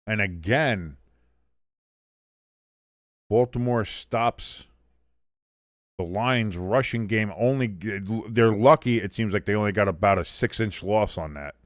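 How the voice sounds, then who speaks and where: A man's voice: lowish voice, slow, pauses often, no room sound, clean studio sound. Man calling a game live on stream. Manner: animated, bursts of excitement on big plays; swears casually. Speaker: watch-along host. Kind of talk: live play-by-play commentary.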